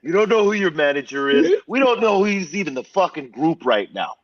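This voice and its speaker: A man voicing a blunt, swearing middle-aged male record label boss who talks gruffly and forcefully. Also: fairly high pitch, normal speed, recorded from a distance, highs cut off, voice pushed up, lightly acted. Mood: heated.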